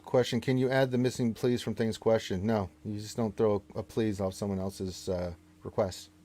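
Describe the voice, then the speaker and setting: A man's voice: fairly low pitch, fairly even intonation, normal speed, dark tone. A man hosting a casual live game stream, reading the chat aloud and teasing viewers with mock-stern playfulness.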